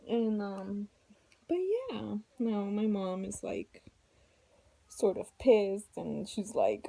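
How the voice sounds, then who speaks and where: A heavily pregnant woman vlogs from home, rambling and venting in a worn-out way. Her voice is gravelly and mellow, and the sound is dry and close. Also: mid-range voice, a little slow, long pauses, no echo, poor audio. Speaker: vlogger. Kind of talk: casual chat to camera.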